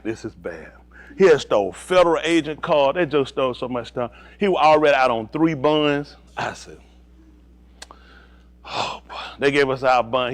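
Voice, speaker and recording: A middle-aged male pastor telling a personal story in a sermon, acting out the voices of the people in it and laughing often. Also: mid-range voice.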